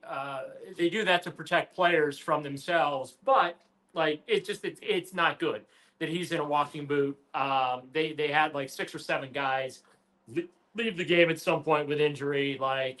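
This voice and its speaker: A man's voice: fairly high pitch, fairly bright tone. A man co-hosting a sports radio show, talking animatedly about a football game with emphatic asides and restarts. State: has the hiccups. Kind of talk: casual sports talk.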